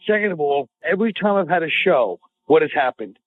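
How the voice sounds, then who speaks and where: A man's voice: a little high, animated, fairly quick. A man appearing as a podcast guest, ranting in a mock-angry, profane way through crude comedic banter. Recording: tinny phone-like audio.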